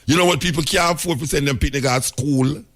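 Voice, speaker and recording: Speaking fast in a fairly bright, higher-pitched voice, this Jamaican-accented radio host delivers emphatic stories in patois on his talk show.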